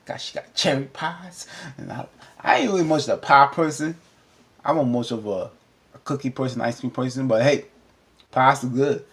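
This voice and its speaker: A man recapping a TV episode in a casual, animated, rambling way, often cutting himself off, with features. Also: medium pitch, moderate pace. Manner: animated, rambling, self-interrupting. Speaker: TV recap vlogger. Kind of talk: casual chat.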